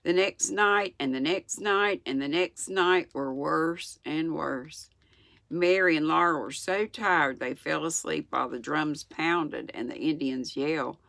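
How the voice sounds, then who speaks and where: A woman in her sixties with a Southern US accent, reading a children's book aloud in a gentle, unhurried way with small slips. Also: sits low, creaky, no room sound. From United States. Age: 60s. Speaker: channel host reading aloud. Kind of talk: storybook read-aloud.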